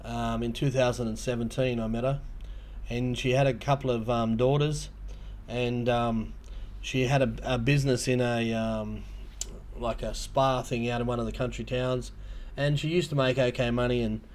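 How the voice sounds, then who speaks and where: An Australian man talks casually to his livestream viewers, his voice sitting at an ordinary middle pitch. He wanders through his stories with lots of ums and false starts. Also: steady tone, normal speed, a little mellow, a little hiss or hum. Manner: rambling storytelling with many ums and restarts. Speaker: livestream host.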